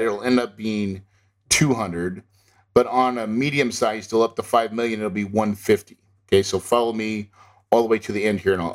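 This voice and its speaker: A man teaching real estate investing in an emphatic, insistent way, often tagging his points with a quick "okay?". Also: fairly low pitch. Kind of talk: instructional talk to an audience.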